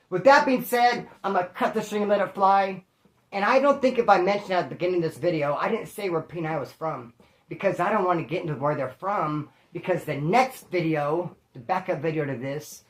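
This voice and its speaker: A man hosting his channel, telling a street story in a casual, slangy, animated way. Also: on the high side. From Bakersfield, California. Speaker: storyteller host. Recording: roomy echo.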